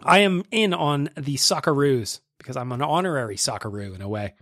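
A man's voice: medium pitch, animated, brisk, a bit bright, no room sound, studio quality. A man hosting a podcast, chatting in a candid, confessional way with plenty of swearing. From Canada. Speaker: podcast host. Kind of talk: casual podcast chat.

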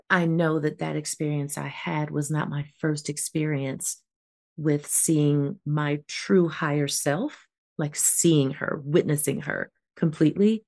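A woman's voice: low voice, a little mellow. A woman co-hosting a casual spiritual podcast chat, talking in an earnest, rambling way with lots of fillers. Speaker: podcast co-host.

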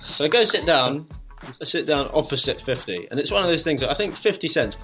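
A man's voice: on the high side, animated, a little fast, music in the background. A man telling a funny anecdote in a casual podcast chat, laughing often. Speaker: guest.

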